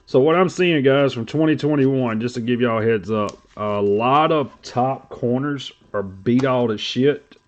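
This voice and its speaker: A man's voice: medium pitch, a little slow, few pauses. A man hosting a trading card stream, rambling and joking crudely in casual chat.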